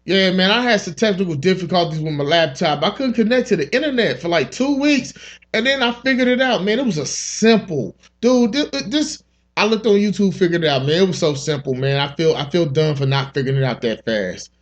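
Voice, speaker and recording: A man's voice: high voice, expressive, brisk. A man hosting a comedy podcast, rambling through topics with loose, profane, joking talk. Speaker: podcast host. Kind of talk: comic podcast monologue.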